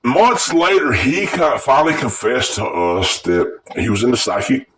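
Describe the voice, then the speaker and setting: A man's voice: medium pitch, big pitch swings, normal speed, fairly bright tone, recorded from a distance, low-quality recording. A man casually telling a personal story, in a rambling and profane way that is full of restarts.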